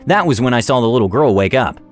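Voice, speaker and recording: Lively male story narrator. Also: medium pitch, quick pace, soft background music. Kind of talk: narrating a tabletop game story.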